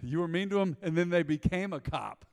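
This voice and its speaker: Pastor, male, somewhat high voice, animated storyteller preaching in a big reverberant sanctuary. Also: brisk, smooth. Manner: storytelling, animated, acts out dialogue. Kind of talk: sermon. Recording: long hall reverb.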